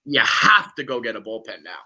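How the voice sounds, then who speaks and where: A man hosting a casual sports podcast, ranting profanely as an excited fan. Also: medium pitch, a little fast, poor audio. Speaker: podcast host.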